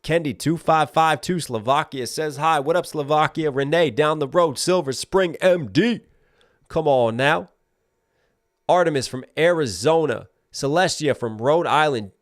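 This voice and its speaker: A man in his thirties from Maryland, hosting a live stream, rattling off viewer shout-outs at speed before closing with a calm, reflective message to his audience. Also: on the high side, no echo, clean studio sound. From Maryland, USA. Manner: rapid roll-call of viewer names, then slower and reflective. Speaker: livestream host.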